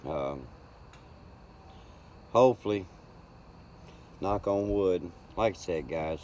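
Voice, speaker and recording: An older man, chatting casually and rambling warmly with viewers on his home livestream. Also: sits low, expressive, takes it slowly, a little hiss or hum. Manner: folksy, rambling, greets chat by name. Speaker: livestream host.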